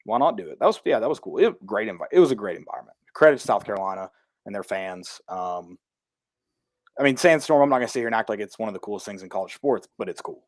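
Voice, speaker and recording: A man co-hosting a podcast in casual sports chat, rambling and cutting himself off, his delivery often flat. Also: lowish voice, fast, dry recording, clean studio sound. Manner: rambling, self-interrupting, flat delivery he jokes about. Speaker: podcast co-host.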